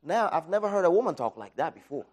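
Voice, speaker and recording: A middle-aged man giving an inspirational talk, telling a personal story with dramatic swings from loud to quiet. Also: a little high, big pitch swings, fast. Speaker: speaker.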